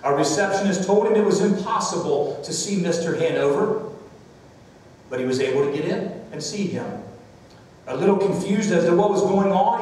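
A male pastor preaches a sermon in a church sanctuary, moving from storytelling to calls for amens. His voice is fairly high. It reaches the mic from a distance, with long reverb around it. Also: darkish tone, slight background noise.

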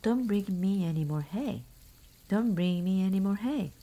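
Woman reader doing a plucky tiny boy, whispered role-play, mellow and soft. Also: lowish voice, a little slow. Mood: calling out.

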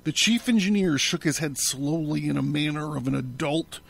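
A man, host of a podcast, narrating a novel in a measured, steady audiobook reading. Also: fairly high pitch, vocal fry.

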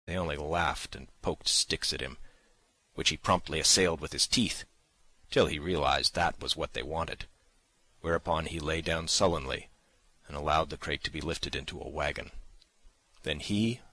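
A man reading a classic novel as audiobook narration, measured and dramatic, on a close mic. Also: rumbling low, pushed and bright, no room sound. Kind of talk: scripted narration.

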